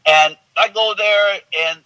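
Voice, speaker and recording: Bright-voiced actor telling rambling stories. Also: male voice, high voice, slow, smooth, low-quality recording. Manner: rambling, animated storytelling with frequent restarts. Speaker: actor guest. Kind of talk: casual anecdotal chat.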